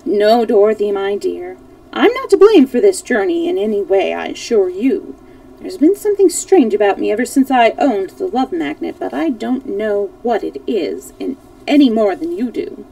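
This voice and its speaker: A woman's voice: mid-range voice, big pitch swings, normal speed, gravelly, dark tone, distant mic, rough recording. A woman voicing a kindly, good-humored shaggy vagabond who speaks in a wry, reassuring way.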